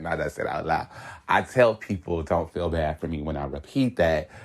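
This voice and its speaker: Casting: young podcaster, low-voiced man, candid solo rant. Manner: candid, animated, laughs often. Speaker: podcast host. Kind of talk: casual solo monologue.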